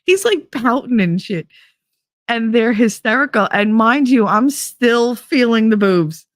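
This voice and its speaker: A woman hosting a podcast, telling a bawdy story in a casual, animated, profane way and acting out what others said. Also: fairly high pitch, a little slow, no echo, studio quality. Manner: profane, animated, acts out quoted dialogue. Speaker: podcast host.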